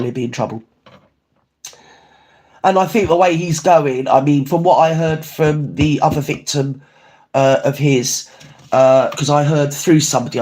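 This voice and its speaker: A man chatting casually on a livestream, rambling and swearing as he reads out viewer comments. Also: a little mellow. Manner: rambling, swears, swings pitch up and down often. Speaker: livestream host.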